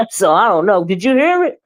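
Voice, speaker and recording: A woman hosting a casual live-stream gossip show, talking in a sassy, emphatic, drawn-out way. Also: medium pitch. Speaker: live-stream commentary host.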